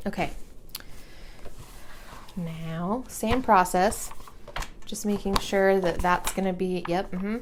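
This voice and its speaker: A young woman vlogs a craft project in casual tutorial style, giggling and humming as she goes. Her fairly low, fairly even voice moves unhurriedly with frequent pauses, over some background noise.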